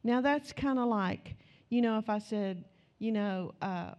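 A woman's voice: a little high, measured pace, dull audio. A middle-aged woman preaching a sermon, telling a story and acting out the conversation, then teaching in an earnest, conversational way.

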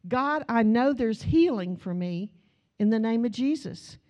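A woman's voice: a little high, expressive, measured pace, darkish tone. A woman pastor preaching a sermon, acting out quotes and speaking to the congregation in asides.

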